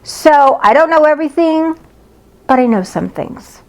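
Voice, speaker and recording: A woman's voice: high voice, expressive, a little slow. A woman psychic reader telling stories about her work in a casual, lighthearted, blunt way. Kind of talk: casual personal storytelling.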